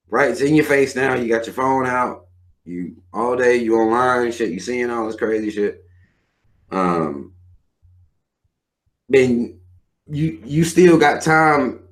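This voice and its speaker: A man in his thirties hosting a live show, ranting bluntly and with plenty of profanity. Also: mid-range voice. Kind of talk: livestream rant.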